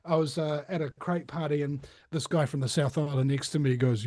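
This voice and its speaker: A man's voice: on the high side, steady tone, a little fast, darkish tone, dry recording. A New Zealand man in his thirties, chatting loosely in an interview with lots of fillers and restarts. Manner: rambling, many fillers and restarts. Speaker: podcast host. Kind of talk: casual interview chat.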